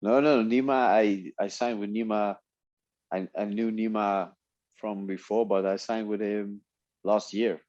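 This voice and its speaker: A man whose first language is Dutch, telling stories in a relaxed way in a casual interview, often laughing. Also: lowish voice, unhurried, dry recording, muffled recording. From Netherlands. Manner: relaxed storytelling with frequent laughs and restarts. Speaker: guest, MMA fighter.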